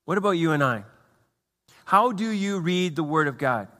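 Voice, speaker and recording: A man's voice: fairly high pitch, animated, moderate pace, bright, forceful tone, long reverb tail. A man preaching a sermon as pastor, conversational, with restarts and playful acted asides.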